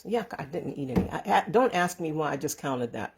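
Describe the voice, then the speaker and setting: A woman talks viewers through a home kitchen recipe while holding her own phone camera. Her delivery is loose and rambling, full of restarts and little corrections. She speaks warmly and sends blessings to the people watching. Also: low-pitched, lively intonation, fairly quick, hardly any pauses. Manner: chatty and rambling, with frequent restarts and self-corrections. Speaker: home cooking and canning channel host. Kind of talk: casual how-to vlog. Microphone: handheld phone camera.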